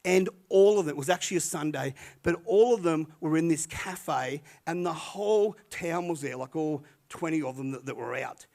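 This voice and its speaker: An older man, a retired pastor, tells a story from the pulpit in a chatty, animated way. His voice sits a little high for a man, and he often restarts his sentences as he goes. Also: moderate pace, creaky, hardly any pauses. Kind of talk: sermon storytelling.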